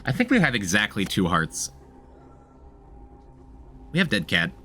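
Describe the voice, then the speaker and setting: A man's voice: fairly low pitch, huge pitch swings, unhurried, bright, forceful tone, soft background music. A man streaming a game, chatting casually, thinking aloud, repeating himself and talking to his chat. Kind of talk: casual gameplay commentary.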